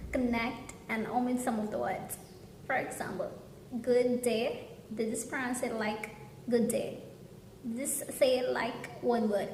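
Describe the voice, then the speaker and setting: Woman tutor, earnest pronunciation lesson, reverberant room with a faint hum. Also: on the high side. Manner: earnest, slow demonstrating of example words. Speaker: English pronunciation teacher.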